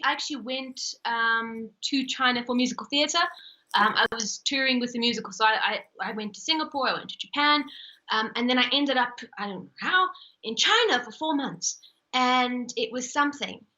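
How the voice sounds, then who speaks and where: High, bright, giggly woman. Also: normal speed, highs cut off. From South Africa. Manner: giggly, animated storyteller with frequent laughs. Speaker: guest, ventriloquist comedienne. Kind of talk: casual interview chat.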